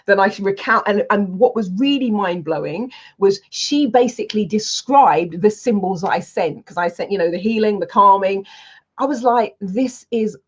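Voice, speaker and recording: Husky woman telling stories. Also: medium pitch, moderate pace. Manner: lively storytelling, acts out quoted speech. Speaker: healing coach. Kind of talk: casual webinar talk. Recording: dull lo-fi sound.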